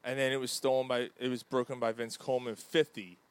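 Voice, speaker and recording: A man hosting a casual sports chat show, animated and quick to crack jokes, with plenty of profanity. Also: medium pitch, smooth, dry recording. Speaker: podcast host.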